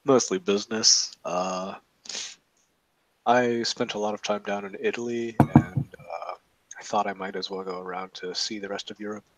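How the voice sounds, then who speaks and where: A man's voice: lowish voice, steady tone, normal speed, slight background noise, close to an everyday voice, rough recording. A man playing a polite young American woman. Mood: friendly. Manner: courteous, a little hesitant with fillers.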